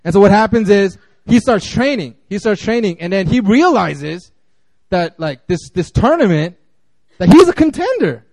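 Guy preaching real casual, high-ish voice, lots of like and you know, dry sound. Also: sing-song, normal speed, a little mellow, dry recording. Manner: conversational, lots of fillers and restarts. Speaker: guest preacher. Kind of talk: casual sermon.

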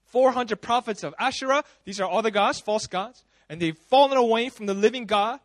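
Man, pastor, casual sermon, animated storytelling, very high voice, dry sound. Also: moderate pace, dry recording. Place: church service.

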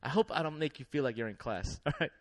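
A young man preaching a sermon in a lively, laughing way, leading the congregation in call-and-response. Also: medium pitch, fast, no echo.

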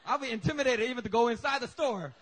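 A male pastor preaching a sermon, telling stories in an animated, joking way. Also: extremely high pitch, fast talker. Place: church service.

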